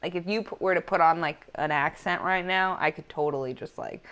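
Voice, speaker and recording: A woman's voice: on the low side, a little fast, fairly bright tone, clean tone. A woman in her thirties, a comedian hosting a casual chat, laughing often and swearing freely. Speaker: comedian podcast host.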